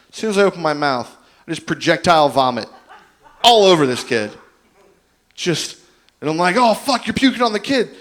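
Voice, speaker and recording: A man's voice: on the high side, a bit bright. A man doing an open-mic stand-up set, telling rambling, self-deprecating stories with plenty of fillers. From Indiana. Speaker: stand-up comedian.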